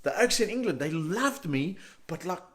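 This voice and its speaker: A man's voice: sits high, lively intonation, moderate pace. A middle-aged man with a South African accent, performing a chatty, slangy stand-up set straight to the audience. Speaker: stand-up comedian.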